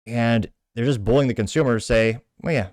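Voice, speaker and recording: A man's voice: medium pitch, a little fast, darkish tone, no echo, clean studio sound. A man hosting a show, delivering indignant, emphatic political opinion commentary. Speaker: show host.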